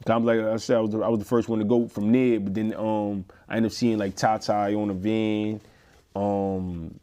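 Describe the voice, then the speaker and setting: A man's voice: on the low side, normal speed. A man from the Bronx with a New York accent, telling his story in a rambling, casual way and acting out what others said. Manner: rambling, full of fillers and restarts; acts out others' lines in animated voices. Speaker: interview guest, former inmate.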